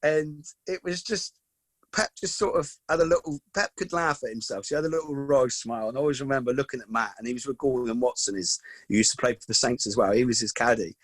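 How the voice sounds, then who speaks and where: A man in his forties, swapping casual stories as a guest, full of "mate" and "you know what I mean". His voice is mid-pitched and sits close and dry, with hardly any room around it. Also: fast talker, no room sound. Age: 40s. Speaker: podcast guest, football coach. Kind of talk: casual storytelling chat.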